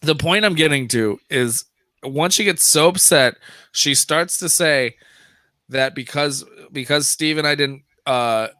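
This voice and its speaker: A man's voice: on the high side, measured pace, bright, forceful tone, no room sound. A man telling a long story on a podcast, rambling and swearing as he goes. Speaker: podcast co-host. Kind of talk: casual chat.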